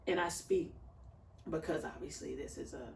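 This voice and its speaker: A woman in her thirties, a mother, appears as a guest on a casual interview podcast, speaking earnestly and from the heart with a preaching lilt. Her lowish, gravelly voice moves at a moderate pace, far from the mic, with roomy echo and faint background noise.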